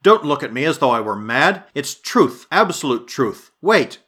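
A man's voice: mid-range voice, expressive, moderate pace, pushed and bright. A man reading the part of a shaken, earnest male scientist with an urgent, insistent delivery.

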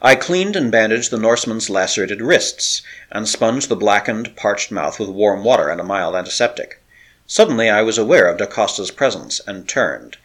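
A man's voice: lowish voice, expressive, moderate pace, fairly bright tone. A man narrating an adventure story with a dramatic, varied delivery. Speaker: audiobook narrator.

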